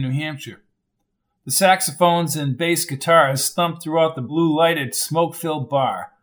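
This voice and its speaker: A man reading a novel aloud in scripted narration, steady and measured. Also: on the high side. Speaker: audiobook narrator.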